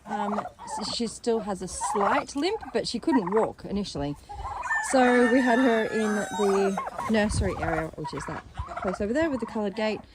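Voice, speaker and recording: A woman's voice: mid-range voice, animated, moderate pace, heavy background noise. A woman giving a casual vlog tour of a farm sanctuary, chatting to the camera and cooing baby talk at the animals as she films on her phone outdoors. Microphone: handheld phone while filming. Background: chickens, roosters and turkeys.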